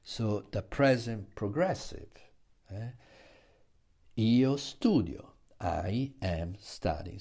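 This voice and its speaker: Slow-speaking male teacher. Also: medium pitch, darkish tone. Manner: slow and explanatory, stresses example words. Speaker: language teacher. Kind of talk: classroom lecture.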